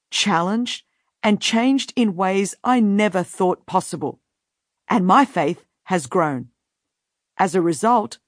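A woman reading her own book aloud in an earnest, measured, inspirational way. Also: mid-range voice, no room sound, studio quality. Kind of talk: scripted audiobook narration.

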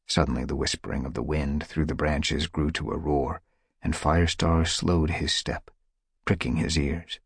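A man narrating an audiobook in a dramatic, measured way. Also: extremely low pitch, flat delivery, slightly rough, no room sound, studio quality. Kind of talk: scripted narration.

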